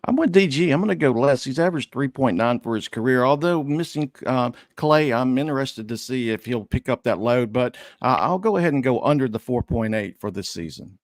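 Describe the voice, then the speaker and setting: A man's voice: medium pitch, expressive, brisk, few pauses, dry recording. Male panelist citing stats, dry mic. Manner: stats-heavy, hesitant fillers. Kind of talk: sports betting show chat.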